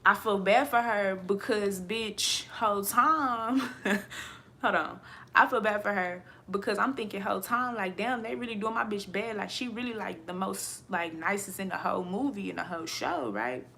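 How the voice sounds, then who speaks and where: A woman ranting to her viewers in a casual vlog, blunt and profane, animated and quick to laugh. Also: mid-range voice, vocal fry. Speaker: vlogger.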